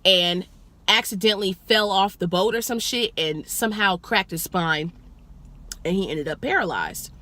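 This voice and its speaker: A young woman with a bright, sharp voice recounts a rider's drama in casual vlog storytelling. She swears freely and slips into the voices of the people she quotes. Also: medium pitch, normal speed. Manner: profane, animated, acts out quotes. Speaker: rideshare driver telling a passenger story.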